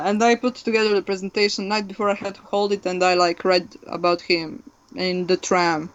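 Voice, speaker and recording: A young woman from Croatia speaking English as a second language, chatting casually as a podcast co-host, rambling with lots of fillers and laughs. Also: mid-range voice. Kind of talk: casual chat. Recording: dull lo-fi sound.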